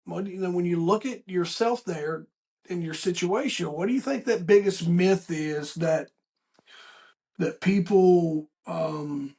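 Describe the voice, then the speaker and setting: A middle-aged male podcast host with a gravelly, slightly high voice. He talks in a folksy, rambling way, doubling back on his words as he chats with a guest. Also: a little mellow. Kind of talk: casual interview chat.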